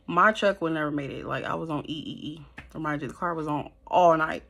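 A woman telling a storytime to her viewers, animated and blunt, swearing freely, sitting close to the camera at home. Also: deep voice, a little fast, husky. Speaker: storytime vlogger. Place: at home in front of a ring light. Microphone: camera held close.

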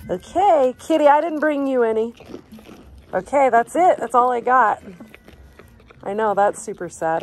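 A woman's voice: medium pitch, a little hiss or hum. A woman filming on her farm, talking affectionately to her goats and cat in a doting, playful way. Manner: affectionate baby-talk to animals, frequent laughs. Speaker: farm vlogger. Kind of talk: casual talk to farm animals. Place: outdoors on a farm. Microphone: handheld camera.

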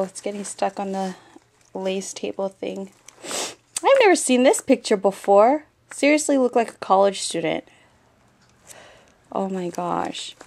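A woman's voice: medium pitch, vocal fry, darkish tone, a little hiss or hum. A woman paper-craft vlogger in a casual show-and-tell video, gushing and talking straight to her viewers. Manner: gushing, repeats exclamations often.

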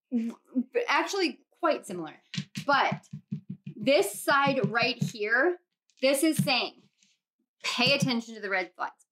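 A young woman giving a casual tarot reading to viewers, bubbly and gushing, often breaking into laughter and excited squeals. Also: high-pitched. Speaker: tarot reader.

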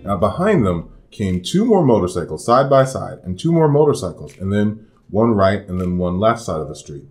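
A man's voice: on the low side, sing-song, moderate pace. A man reading a picture book aloud to children, giving each character a voice. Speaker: storybook reader. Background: soft guitar music.

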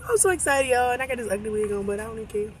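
A woman talking to her viewers in a casual vlog, excited and rambling, her voice getting worn. She talks into a handheld phone from inside a car. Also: fairly high pitch, fairly quick, a little hiss or hum. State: losing her voice. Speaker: vlogger. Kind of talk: casual vlog chat to camera. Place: in a car in a shopping center lot. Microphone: phone camera held by hand.

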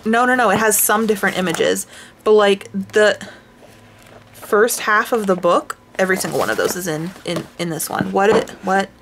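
A woman vlogger chatting casually while showing her coloring books, rambling and self-deprecating, with sighs and hushed asides. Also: medium pitch, a little hiss or hum. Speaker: craft vlogger.

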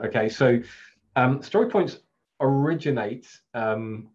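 A man's voice: medium pitch, moderate pace, a little mellow. A middle-aged Englishman with an English accent, a Scrum trainer giving a casual, chatty presentation with fillers and frequent laughs over a video call. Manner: chatty, self-deprecating, laughs often, many fillers. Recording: slightly dull, lo-fi webcast audio.

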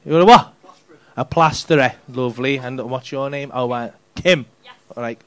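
A man's voice: medium pitch, moderate pace, smooth. A male stand-up comedian, teasing the audience in sweary banter on a comedy club stage. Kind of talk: crowd work at a comedy club. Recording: noisy live club recording. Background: audience laughter.

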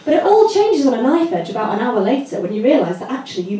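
A British woman performing a stand-up comedy set, telling stories in an animated way and bursting into shouted voices. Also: a little high, fast talker. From Britain. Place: comedy club with a loud audience. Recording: echoey club from far off, loud crowd.

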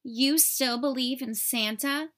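A woman's voice: sits high, slow pace, a bit bright. A woman reading aloud and voicing a mean, bossy, snooty girl who scoffs and sneers. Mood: scoffing.

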